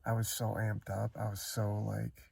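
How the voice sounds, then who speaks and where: A man with a deep, gravelly voice talks things through in a casual vlog from inside his van. His tone is husky and mellow, and he rambles and hesitates, circling back with regret over what happened. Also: completely flat delivery, moderate pace. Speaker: van-dwelling vlogger. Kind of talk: casual spoken recollection.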